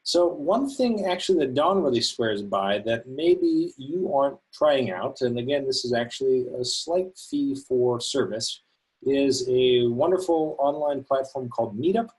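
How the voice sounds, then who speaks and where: Husky-voiced man presenting on a webinar. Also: medium pitch, lively intonation, unhurried, darkish tone, poor audio. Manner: enthusiastic, with frequent uhs. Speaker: volunteer education coordinator.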